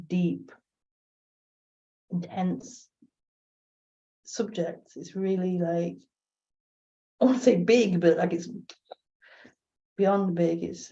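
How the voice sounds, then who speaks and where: A woman's voice: fairly low pitch, mellow. A woman hosting a live spiritual talk stream, musing aloud and answering chat questions with repeated phrases and many fillers. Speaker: host of a live spiritual broadcast. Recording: dull lo-fi stream audio.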